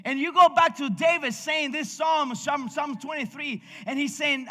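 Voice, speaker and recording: Spanish-accented male pastor, fervent rhythmic preaching, bright tone, long church reverb. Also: very high-pitched, moderate pace. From Cuba. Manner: passionate, rhythmic preaching with frequent restarts and laughter. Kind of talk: sermon. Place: church sanctuary.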